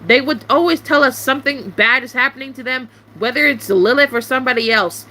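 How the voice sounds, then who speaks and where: A young woman vents to the camera in a casual monologue, irritated, swearing often and breaking into sharp rising outbursts. She speaks briskly in a high voice.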